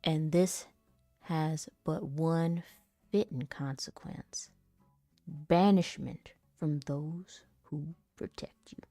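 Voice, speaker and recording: A woman reads a stern, tough leader who hands down sentences in a grave, deepened tone. The pitch sits low, the pace is unhurried and deliberate, and the recording is dry and close. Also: steady tone, creaky, warm tone, no echo, faint music behind. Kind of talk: voice acting demo read-through.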